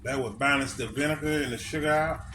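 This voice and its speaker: A man's voice: medium pitch, fast talker, pushed and bright. A man, casually walking viewers through a cooking recipe, repeating phrases and calling them y'all. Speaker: cooking vlogger. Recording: clear background noise.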